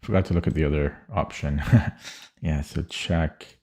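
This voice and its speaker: A man streaming chess puzzles, thinking aloud in halting, muttered phrases and correcting himself as he goes. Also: extremely low pitch, fairly even intonation, darkish tone.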